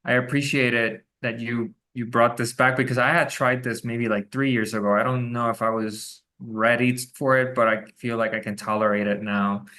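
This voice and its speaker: A man's voice: mid-range voice, little pitch movement, normal speed, hardly any pauses, pushed and bright. A man hosting an interview over a video call, musing on his own experience and reading out questions from the chat. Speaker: interview host. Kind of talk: conversational interview.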